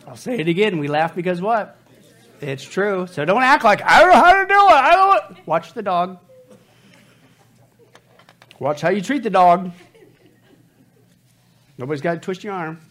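A man preaching a humorous sermon, joking with his audience and calling them folks. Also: fairly high pitch.

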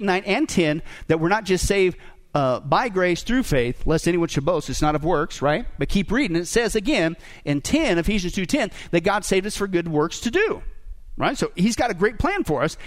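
A man's voice: sits high, sing-song, moderate pace. A male pastor preaching a sermon, joking and asking the congregation rhetorical questions.

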